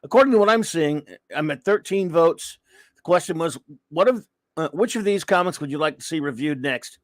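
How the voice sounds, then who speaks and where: Man, podcast host, casual live chat, slightly high voice, dry recording, friendly and rambling. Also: lively intonation, moderate pace, no echo. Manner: chummy, rambling shout-outs to chat viewers.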